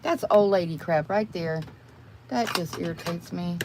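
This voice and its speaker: Putting on her makeup during a noisy home livestream, an older woman rambles on to her viewers, addressing them as y'all. She speaks in an unhurried way, with a voice on the low side.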